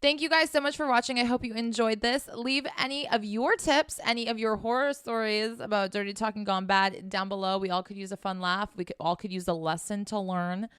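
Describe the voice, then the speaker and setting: A woman's voice: medium pitch, fairly bright tone, clear, resonant tone, no room sound, clean studio sound. Frank, profane woman giving dating advice. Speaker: dating and sex coach. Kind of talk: casual advice vlog.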